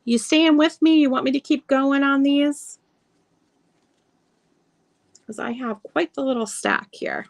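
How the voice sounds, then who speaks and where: A woman's voice: sits high, measured pace, vocal fry, long pauses, no echo. A woman hosting a live sale of vintage items, chatting casually and reading old card verses aloud. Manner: chatty, lingers over details, reads card verses aloud. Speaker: online seller showing vintage items. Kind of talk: casual live sales chat.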